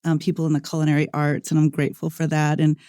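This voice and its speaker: A woman host conducting an interview with an eager, easily amused manner. Her voice is smooth and mellow, and it sounds dry and close to the mic. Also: sits low, completely flat delivery, fast, dry recording. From Oklahoma. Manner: enthusiastic, laughs readily. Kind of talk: podcast interview.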